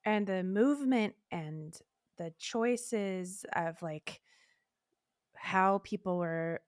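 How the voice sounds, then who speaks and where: A young adult woman co-hosting a podcast, telling a casual story with lively acted-out quotes and casual swearing. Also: medium pitch, extremely slow, no room sound, clean studio sound. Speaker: podcast co-host.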